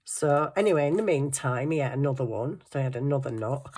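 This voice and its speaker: A woman's voice: extremely low pitch, animated, fast talker, darkish tone. A middle-aged woman, telling stories in casual chat and laughing often. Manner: chatty storytelling, laughing often. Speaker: craft vlogger.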